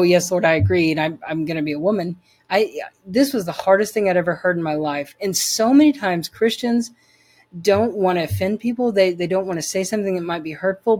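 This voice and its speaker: A woman's voice: on the low side, darkish tone. Earnest woman giving a testimony. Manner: earnest, emphatic, with repeated word restarts. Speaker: interview guest. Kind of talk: personal testimony in an interview.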